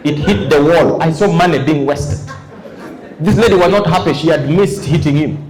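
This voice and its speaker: A man doing stand-up comedy in front of a live audience, telling animated stories and acting out his characters. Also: fairly high pitch, moderate pace. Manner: animated storytelling, acts out characters. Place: large live venue. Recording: echoey hall, loud crowd laughter.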